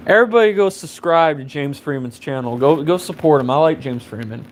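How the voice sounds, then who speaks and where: A man's voice: fairly high pitch, a little fast, hardly any pauses, a little hiss or hum. A man in his twenties ranting casually on a live stream, rambling and profane with constant fillers. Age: 20s. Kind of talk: casual rant.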